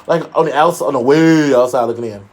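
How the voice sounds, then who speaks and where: A man's voice: brisk, crowd noise. A man co-hosting a casual gossip talk show, sassy and emphatic, full of shade. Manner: sassy, shady, emphatic with big pitch jumps. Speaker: co-host.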